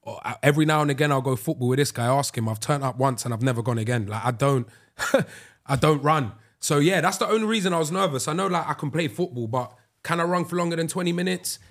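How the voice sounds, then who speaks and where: A young man, co-hosting a podcast and telling animated stories in casual chat. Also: on the high side, quick pace. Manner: animated storyteller, slips into excited voices. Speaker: podcast co-host.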